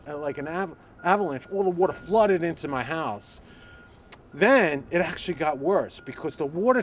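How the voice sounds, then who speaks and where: A man's voice: on the high side, slight background noise. A man who owns a home, telling his story vividly and imitating sounds as he goes. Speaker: homeowner. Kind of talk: storytelling interview.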